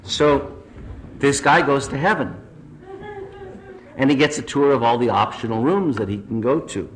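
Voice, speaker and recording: A man's voice: mid-range voice, normal speed, background noise. A man telling a string of jokes to a recovery group, chuckling through his punchlines. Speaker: speaker at a recovery meeting. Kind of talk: stand-up joke telling.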